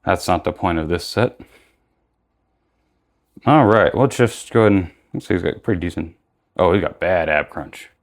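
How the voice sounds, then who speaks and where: Speaking at a normal speed with frequent pauses, a young man whose voice is notably low walks loosely through unboxing an action figure. He wanders off track, doubles back, and fixes his own words as he goes.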